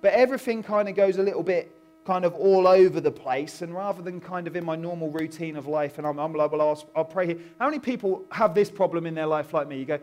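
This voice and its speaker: A man preaching a sermon in a conversational, animated storytelling way, acting out voices. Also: a little high, fast, lo-fi sound. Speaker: pastor.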